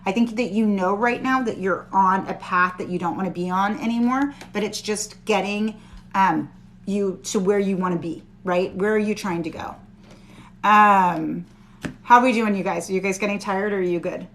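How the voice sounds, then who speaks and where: A woman's voice: medium pitch, steady tone, normal speed, slight background noise. A woman giving a live-stream tarot reading, reassuring and chatty with her viewers. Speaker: tarot reader.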